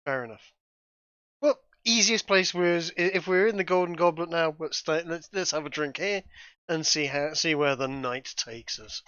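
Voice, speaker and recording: A man with a bright, forceful voice rambles through his turn in a tabletop game, restarting often. His pitch sits a bit high. The mic sounds dull and lo-fi, with a dry room. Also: moderate pace, clean tone, no echo. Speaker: player. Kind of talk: tabletop play, in and out of character.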